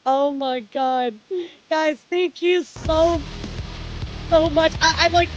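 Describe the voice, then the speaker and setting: A woman streamer with a very high voice talks slowly to her chat, sounding overwhelmed and swearing freely. She keeps calling everyone "dude" and "guys", and the audio is a little muffled. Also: soft background music.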